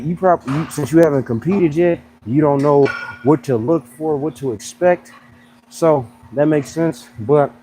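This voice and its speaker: Young male fitness coach on a casual live chat: slangy and joking, with a lively voice that rises and falls a lot. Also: mid-range voice, slight background noise, rough recording. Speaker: fitness coach and pro bodybuilder.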